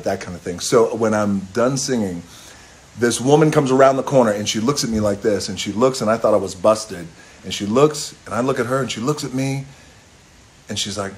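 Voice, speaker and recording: A man's voice: on the low side, brisk. A middle-aged man casually telling a rambling story on a phone live stream, swearing offhandedly and breaking into bits of song. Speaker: livestream host telling a story. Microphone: phone camera.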